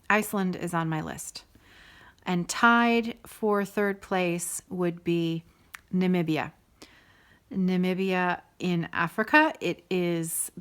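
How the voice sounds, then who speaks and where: A middle-aged woman hosting a casual stitching video, chatting to viewers in a rambling, enthusiastic way full of sidebars. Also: fairly low pitch. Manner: warm and enthusiastic. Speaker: host of a stitching video show.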